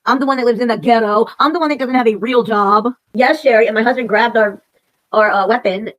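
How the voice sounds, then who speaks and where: Rapid, profane woman ranting on a livestream. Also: a little high, fairly bright tone, rough recording. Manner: profane, rambling, repeats herself. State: emotional and upset. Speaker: livestream host. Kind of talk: casual ranting livestream chat.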